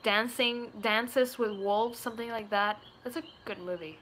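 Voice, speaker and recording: A woman talks through viewer questions in a loose, rambling way and giggles often. Her voice is bright and sits slightly high. A faint hiss runs under the talk. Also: a little slow. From Puerto Rico. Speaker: gaming YouTuber. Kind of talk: casual chat answering viewer questions.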